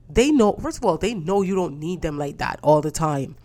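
A woman's voice: fairly low pitch, expressive, normal speed, hardly any pauses, a little mellow. A woman hosting a podcast, ranting in a casual, profane, indignant way and telling stories with quoted voices. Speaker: podcast host. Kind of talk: casual solo rant.

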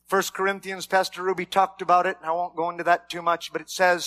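A man preaching a sermon as pastor, animated, with shouted peaks and dry humor. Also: high-pitched, fast talker, few pauses. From Mexican heritage, raised among white Americans.

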